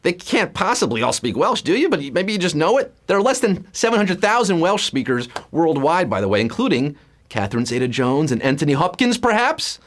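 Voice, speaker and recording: A man's voice: fairly high pitch, brisk. A man hosting a live trivia game show, reading questions and answers in a playful, punning, hyped-up way. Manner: playful, punning, lively hype. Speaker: quiz show host.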